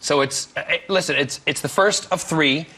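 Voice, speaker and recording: A man's voice: fairly high pitch, moderate pace, sharp tone, husky. A man from Scotland, a guest co-author on a TV chat show, talking in an enthusiastic, chatty way.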